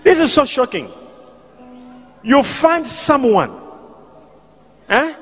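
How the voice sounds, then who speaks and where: High pitched guy preaching live in church, lively up-and-down voice, crowd noise behind. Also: takes it slowly, faint music behind. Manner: commanding, repeats questions, shouts phrases. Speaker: pastor and prophet. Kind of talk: live prophetic church service. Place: large church service.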